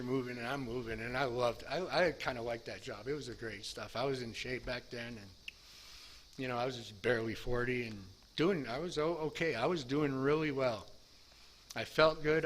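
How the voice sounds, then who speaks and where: A man's voice: medium pitch, a bit bright. This is a middle-aged man in a mid-range voice giving a personal recovery testimony. He rambles candidly and mocks himself, restarting his sentences. Faint background noise sits under the recording. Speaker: speaker sharing his recovery story.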